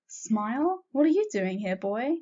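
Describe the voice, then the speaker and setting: A woman's voice: fairly high pitch, very animated, unhurried, warm tone. A woman voicing a sassy teenage girl who begs and pleads eagerly, in a dull lo-fi recording. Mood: affectionate.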